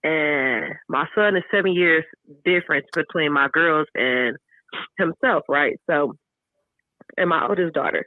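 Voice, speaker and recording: A woman's voice: low-pitched, a little slow, no room sound. A woman calls into a radio show and talks bluntly and candidly as she tells stories about her children. Her voice comes through a tinny phone line and sounds dry. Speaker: caller. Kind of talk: casual call-in chat.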